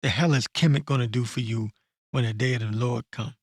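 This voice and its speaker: A man ranting bluntly and profanely in an unscripted commentary, stopping to read verses slowly and correct himself. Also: medium pitch, breathy edge, no room sound, clean studio sound. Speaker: online commentator. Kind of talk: blunt unscripted rant with scripture reading.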